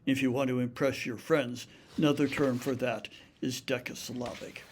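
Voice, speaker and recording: A man giving a measured literature lecture, explaining poetic form and reading verse aloud deliberately. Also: mid-range voice, steady tone, a little hiss or hum. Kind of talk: recorded lecture with poetry reading.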